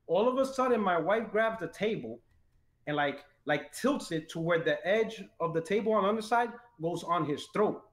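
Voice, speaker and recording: A man telling rowdy stories in a casual chat, animated and swearing, raising his voice when quoting people. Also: high voice, normal speed, roomy sound. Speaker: podcast guest telling stories. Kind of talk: casual storytelling.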